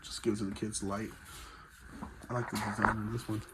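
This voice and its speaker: A man's voice: fairly low pitch, little pitch movement, moderate pace, very noisy. A man vlogging casually as he walks through a large store, out of breath and chatting with enthusiasm. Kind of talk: casual walk-through vlog. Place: large fireworks store, indoors.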